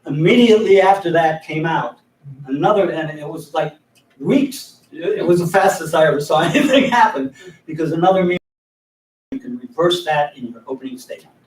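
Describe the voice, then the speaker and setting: A man's voice: a little high, lively intonation, fairly quick. An older man leading a mediation training class, folksy and joking, often stopping to restart his sentences, recorded from a distant mic in an echoey room. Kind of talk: training class, demonstrating a mediator's opening statement.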